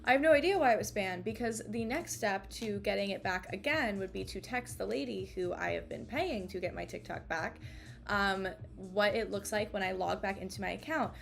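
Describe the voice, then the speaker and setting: A woman's voice: mid-range voice, animated, normal speed, creaky. A woman in her twenties, a streamer, venting to her chat in a rambling, exasperated way, full of fillers and swearing. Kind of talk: casual live-stream venting. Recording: faint music behind.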